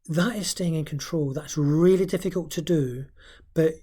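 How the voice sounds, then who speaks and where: A man's voice: on the high side, normal speed, dark tone, husky. A man giving informal parenting advice in an earnest, coaching way, with many "um" fillers and small restarts. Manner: hesitant, frequent "um" fillers.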